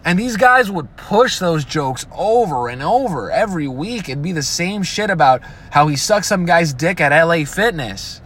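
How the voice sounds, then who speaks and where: A man's voice: a little high, animated, moderate pace, hardly any pauses, a bit bright, a little hiss or hum. A man ranting casually and profanely, often breaking into mocking imitations of other people. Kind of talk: casual rant.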